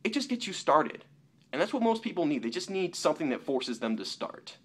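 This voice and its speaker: Animated young man ranting on camera. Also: brisk. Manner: animated, mocking quotes in a lower voice. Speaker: YouTuber. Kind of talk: opinion vlog rant.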